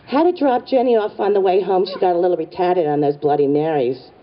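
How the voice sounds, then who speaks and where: A woman's voice: on the low side, a little fast, close to an everyday voice. A woman playing a chatty, cheerful male golf buddy. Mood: breezy. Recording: distant, dull live recording with crowd and noise.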